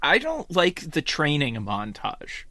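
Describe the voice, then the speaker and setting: Guy on a podcast roasting a movie, voice bounces all over, bright and a bit high. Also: huge pitch swings, slow, crowd noise. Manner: wry, joking critiques. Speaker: podcast panelist. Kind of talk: casual podcast chat.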